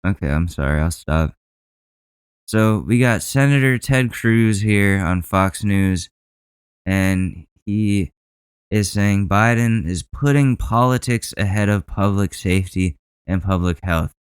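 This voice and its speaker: A man's voice: fairly low pitch, slow pace, clear, resonant tone, no room sound. A man hosting a comedic solo podcast, riffing crudely and sarcastically about news clips. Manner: mocks public figures in a put-on voice. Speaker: podcast host.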